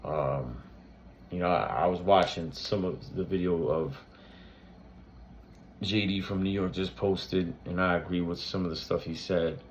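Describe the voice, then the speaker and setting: A man's voice: low-pitched, a little slow, slight background noise. A man hosting his own reaction channel, talking loosely with lots of fillers and restarts. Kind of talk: casual tribute talk to camera.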